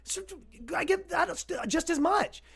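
High-voiced man on a sarcastic rant. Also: a little slow, vocal fry, fairly bright tone. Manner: exasperated, sarcastic, acts out quoted voices. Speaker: comedian podcast host. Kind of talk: casual comedic rant.

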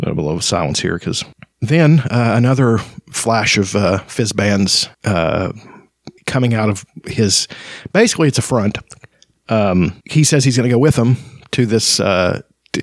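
A man casually talking through a fantasy novel, rambling and halting with many fillers, sometimes reading passages aloud. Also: on the low side, a little mellow, no room sound. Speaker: podcast host discussing a fantasy novel. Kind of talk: casual book discussion with read-aloud passages.

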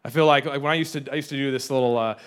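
A man's voice: medium pitch, steady tone, very fast, clear, resonant tone. A young adult man preaching a casual, joking sermon, often repeating and restarting his words. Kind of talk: conversational sermon.

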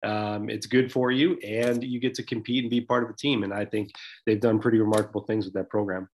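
A man's voice: on the low side, fairly even intonation, brisk, a little hiss or hum. Man co-hosting a sports podcast, chatty. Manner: conversational, many fillers and restarts. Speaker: podcast co-host. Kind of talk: casual sports podcast chat.

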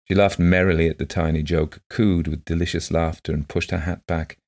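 A man with a very deep voice narrates a story in a measured, literary manner. His tone has a gravelly fry to it. The reading is unhurried and deliberate. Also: little pitch movement, darkish tone.

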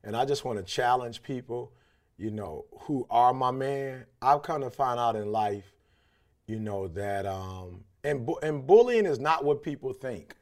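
Gravelly, passionate middle-aged man. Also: mid-range voice, animated, a little slow. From Detroit. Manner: passionate, preachy, loud. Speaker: podcast co-host. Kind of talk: casual podcast chat.

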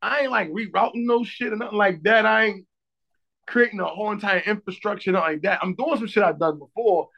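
A man's voice: high-pitched, a little fast, creaky, sharp tone, muffled recording. A tired man on a podcast, talking in a casual, profane, joking way and laughing often. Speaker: podcast co-host. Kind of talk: casual chat.

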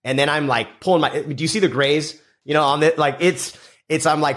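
A middle-aged man, a guest on a podcast, talking casually and acting out quoted conversations with lively shifts in his voice. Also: fairly high pitch, fairly quick. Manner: animated storyteller, acts out quoted dialogue. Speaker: guest, house flipper.

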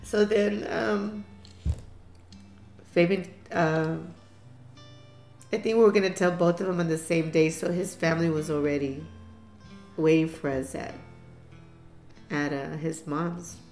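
A woman in her fifties tells an old family story with candid, laughing asides. Her voice sits lowish and carries a gravelly fry. The room is echoey, and soft guitar music plays faintly behind her. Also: steady tone, unhurried, long pauses. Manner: candid, laughs often, restarts mid-sentence. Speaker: mother telling family story. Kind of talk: personal storytelling interview.

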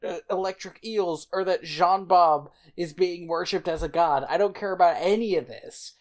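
Wry woman, slightly low voice. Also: normal speed, darkish tone. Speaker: podcast co-host. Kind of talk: casual movie review chat.

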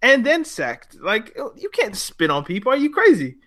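A man's voice: sits high, normal speed. A man co-hosting a chat show, talking bluntly and getting heated, with frequent swearing. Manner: blunt, animated, swears freely. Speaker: podcast co-host.

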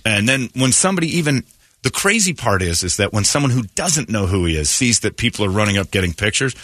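Brash, lively-voiced male radio host. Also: fairly low pitch, fast, no echo, studio quality. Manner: loud, mocking, acts out shouted quotes. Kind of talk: casual morning show banter. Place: radio studio.

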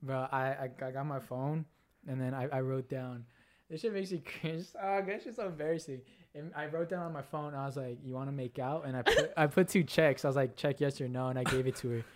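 A young man co-hosting a casual podcast, telling a party story in an animated way, swearing a lot and acting out what people said. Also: medium pitch, brisk. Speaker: podcast co-host.

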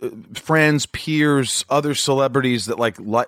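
Male host, mid-pitched, loud and loose with profanity, dry sound. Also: a little slow, no room sound. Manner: profane, animated, does impressions in anecdotes. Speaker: podcast host. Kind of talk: casual chat.

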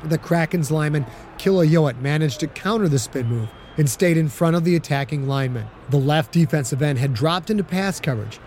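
A man narrates an audiobook with a steady storytelling delivery. His voice sits slightly higher than most men's, and a faint hum of noise lies under the recording. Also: a little fast, hardly any pauses.

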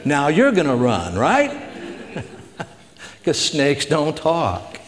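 A man's voice: fairly high pitch, huge pitch swings, very slow. A man preaching a conversational Bible-teaching sermon, tossing questions to his congregation in a folksy way. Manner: folksy, asks the audience questions. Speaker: pastor. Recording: long hall reverb.

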